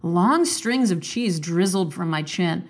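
A young woman chatting casually, then reading a children's book aloud and lifting her pitch for the characters' lines. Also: expressive, takes it slowly. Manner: chatty, playful, voices characters with pitch lifts. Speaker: book reader and commentator.

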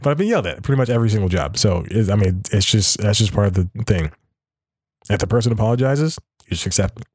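A man's voice: on the low side, expressive, quick pace, darkish tone, husky, no room sound, clean studio sound. A man hosting a podcast alone, reading an article aloud and commenting casually, chuckling often and correcting himself as he rambles. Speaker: podcast host.

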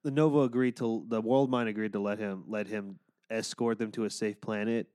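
Smooth-voiced man teasing about comics. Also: fairly low pitch, steady tone, fairly quick, a little mellow, no room sound, clean studio sound. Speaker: podcast co-host. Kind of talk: casual comic book chat.

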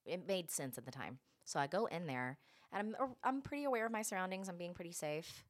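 Low-voiced young woman telling a story. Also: brisk. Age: young adult. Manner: animated, profane, acts out quotes. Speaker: podcast guest. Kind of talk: casual storytelling chat.

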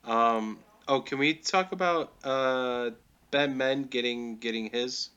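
A man's voice: medium pitch, slow, pushed and bright, clean tone, lo-fi sound. A man co-hosting a casual movie podcast, talking in a laid-back, rambling way full of hesitations. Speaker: podcast co-host.

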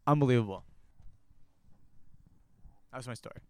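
A young man telling a rambling story in a casual outdoor podcast chat, getting animated and cursing as he goes. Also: medium pitch, normal speed, slight background noise. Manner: rambling, animated, swears when worked up. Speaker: podcast guest.

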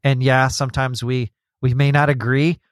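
A man's voice: medium pitch, flat delivery, normal speed, no echo, clean studio sound. A man hosting a podcast in casual chat, rambling with many restarts and acting out quotes as he tells stories. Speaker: podcast host.

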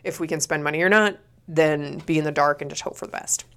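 A young woman co-hosts a podcast in relaxed, joking chat, with a voice a bit lower than most women's. She swears casually and laughs easily. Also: fast talker, clean tone. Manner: joking, loud laughs, slips into mock accents. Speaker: podcast co-host.

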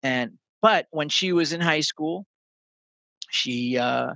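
Bright-voiced man telling stories animatedly. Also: on the high side, takes it slowly, creaky, dry recording, rough recording. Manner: animated storyteller, swears casually. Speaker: podcast guest. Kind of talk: casual conversation.

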